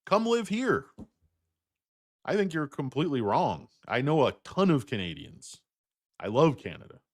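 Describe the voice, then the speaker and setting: A man hosting a stock market livestream, ranting bluntly and profanely while answering chat, with loud outbursts and low muttered asides. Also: very animated, normal speed, no room sound, clean studio sound.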